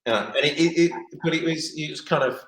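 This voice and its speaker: A middle-aged former footballer with a somewhat high, slightly bright voice rambles quickly through anecdotes in an interview, restarting often and acting out quotes. The recording has a roomy echo.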